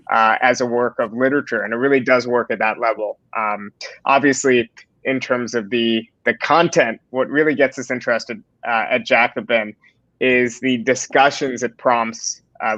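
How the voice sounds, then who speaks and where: Male moderator, halting casual delivery, dry lo-fi sound. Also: medium pitch, pushed and bright, no echo. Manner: hesitant, many fillers and restarts. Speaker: host and moderator. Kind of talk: conversational panel discussion.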